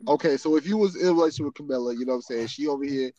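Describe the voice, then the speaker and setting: A man's voice: mid-range voice, very fast, dark tone, dry recording, muffled recording. A man co-hosting a casual podcast chat, laid-back and crude, laughing often and saying "you know what I'm saying" again and again. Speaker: podcast co-host.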